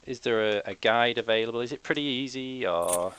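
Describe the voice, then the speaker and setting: A man's voice: mid-range voice, brisk, fairly bright tone, a little hiss or hum. A man playing in a tabletop game who politely asks the organizers questions. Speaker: player. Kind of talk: casual chat at a tabletop game.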